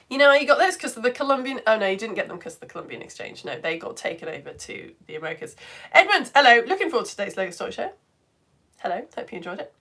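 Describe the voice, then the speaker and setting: Lively, chatty woman streaming live. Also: mid-range voice. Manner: chatty and effusive, reads comments aloud. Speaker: online science educator reading viewer comments. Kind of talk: casual live-stream chat.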